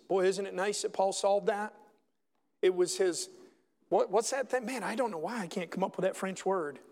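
A male pastor delivers a sermon in a high, light voice. He preaches with mounting emphasis, and the sound carries the long reverb of a large hall. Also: moderate pace, a little mellow.

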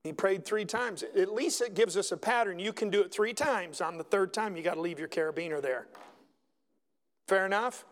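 A male pastor delivers a sermon in a high, light voice. He preaches with mounting emphasis, and the sound carries the long reverb of a large hall. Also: moderate pace.

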